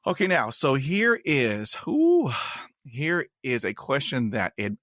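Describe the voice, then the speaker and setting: A man hosting a podcast interview in a casual chat. He stutters and repeats words, and he breaks into sudden high, excited whoops. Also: takes it slowly, dry recording, clean studio sound. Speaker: podcast host. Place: in Texas.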